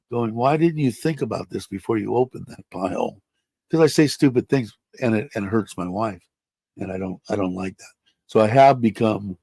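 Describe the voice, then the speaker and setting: A man's voice: mid-range voice, a little mellow, no echo. An older retired man chatting casually on his livestream, rambling and blunt, swearing freely and laughing often. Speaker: livestream host. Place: home in Thailand.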